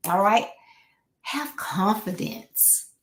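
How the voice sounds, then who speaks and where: A woman's voice: medium pitch, animated, very slow. A woman life coach giving a motivational live talk in a conversational way, repeating her key points and acting out the people she quotes. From Florida. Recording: echoey room.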